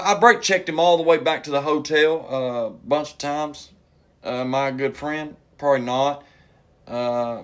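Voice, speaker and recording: A man, a comedian casually telling a funny story and acting out the people in it with sudden high yells. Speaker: stand-up comedian.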